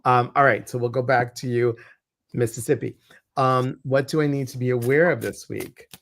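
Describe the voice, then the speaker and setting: A chatty male co-host reads viewers' questions and oracle cards on a casual livestream. His voice sits at a middle pitch and his delivery stays loose, with teasing asides and bad dad jokes. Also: fairly even intonation, moderate pace, creaky, a bit bright.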